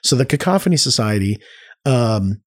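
A man who is a podcast guest tells stories in casual conversation. He is animated and tends to digress, with a voice in the middle of the usual pitch range. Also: normal speed.

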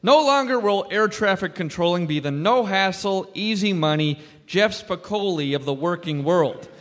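An actor in a live radio sketch playing a weary, scolding boss of air traffic controllers. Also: male voice, high-pitched, animated, moderate pace, in a large hall. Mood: exasperated. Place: theater stage.

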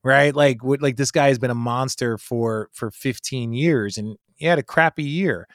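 Male host, casual sports banter, emphatic and animated, swears, dry close sound. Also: medium pitch, normal speed, no room sound.

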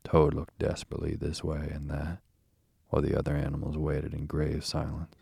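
A man reads a storybook aloud to lull listeners to sleep, slow and calm. His voice is very deep, husky and gravelly, with a flat, even lilt and no room echo. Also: studio quality. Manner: slow, calm, unhurried delivery. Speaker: narrator. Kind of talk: soothing bedtime storybook reading.

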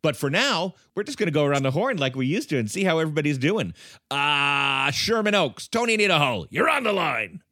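A man's voice: fairly high pitch, sing-song, brisk, sharp tone, no echo, studio quality. A man co-hosting a comedy podcast from home, with playful, theatrical banter. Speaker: podcast co-host.

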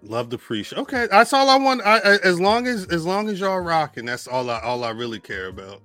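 A man's voice: a little high, big pitch swings, a little fast, bright, forceful tone, dry recording, faint music behind. A man co-hosting a podcast in casual chat, joking and laughing often. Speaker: podcast co-host.

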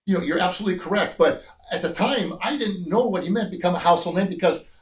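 A man's voice: sits high, fast talker, reverberant, low-quality recording. A man in his sixties, a former bodybuilder guest, telling stories in a casual interview and acting out the voices of people he quotes. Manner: animated storyteller, acts out quoted voices.

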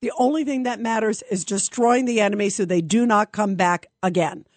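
A woman hosts a political call-in radio talk show, speaking emphatically and conversationally with frequent fillers. Her mid-range voice moves a little fast, with no room sound.

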